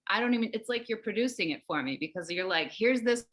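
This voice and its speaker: A woman speaking as a podcast guest over a remote call, in a bright, forceful voice at an ordinary pitch for a woman. She talks in a chatty, playful way and laughs often. The tone stays casual and conversational. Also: lively intonation, fast talker. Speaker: guest, meteorologist.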